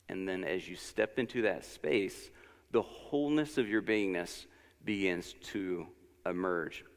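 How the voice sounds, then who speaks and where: A man delivers a relaxed, conversational church lesson with a low, gravelly voice. He talks informally, drifting into personal stories and encouraging asides. A long reverb from the sanctuary hangs behind his words. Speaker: lesson speaker at a church service. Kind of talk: conversational sermon.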